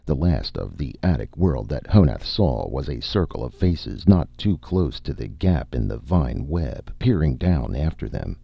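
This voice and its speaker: Brief: male audiobook narrator, very deep voice, lively intonation, dry dull recording. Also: gravelly, slightly rough, no room sound. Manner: measured storytelling read. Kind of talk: scripted narration.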